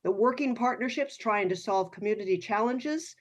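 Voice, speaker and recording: A woman giving polite, measured public comment to a police commission. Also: a little high.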